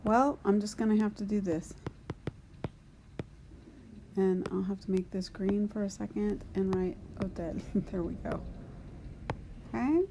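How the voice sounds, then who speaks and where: A woman walks through grammar at an unhurried, deliberate pace, thinking aloud as she writes on a board. Her voice sits at an ordinary middle pitch, and a faint hum of room noise lies under the recording. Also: fairly even intonation, warm tone. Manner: slow, patient explaining, talking to herself while writing. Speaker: Spanish teacher.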